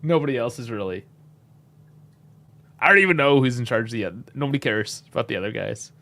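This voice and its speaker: A man's voice: mid-range voice, lively intonation, a little fast, bright, forceful tone. Laid-back man reacting live. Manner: chatty, laid-back, frequent chuckles, casual swearing. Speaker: host. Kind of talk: casual live match reaction commentary.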